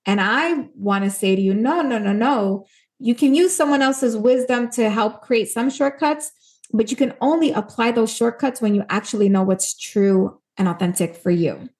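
A Puerto Rican author, appearing as a guest in a casual interview, talks earnestly and emphatically and acts out the voices of people she quotes. Her pitch is fairly high, her pace moderate, and her tone darkish.

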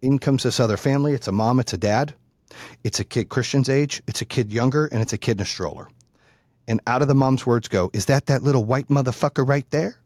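Husky man telling a heated story. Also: medium pitch, a little fast, darkish tone, dry recording, clean studio sound. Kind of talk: casual chat.

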